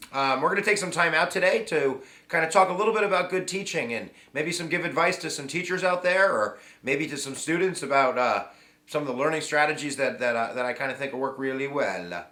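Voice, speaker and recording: Middle-aged male host, upbeat casual lecture, lots of ums, roomy sound. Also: medium pitch. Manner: chatty, energetic, full of fillers and asides. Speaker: history teacher and video host. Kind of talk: casual video lesson to camera. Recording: echoey room.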